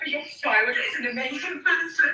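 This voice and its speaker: A woman's voice: sits high, moderate pace, bright, forceful tone, recorded from a distance. A woman chatting casually, playfully coaxing someone on. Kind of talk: casual chat. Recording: roomy sound from off the mic.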